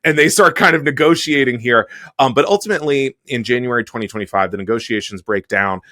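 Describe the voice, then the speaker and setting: A man's voice: mid-range voice, quick pace, pushed and bright, dry recording, clean studio sound. A man guest casually retelling a wild story, full of fillers and acted quotes. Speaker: reporter guest.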